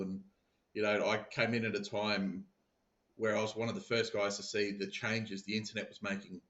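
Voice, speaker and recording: A man's voice: lowish voice, fairly bright tone. A man, a podcast guest and sales business founder, telling stories in casual conversation and repeating words as he restarts. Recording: dull, roomy remote recording.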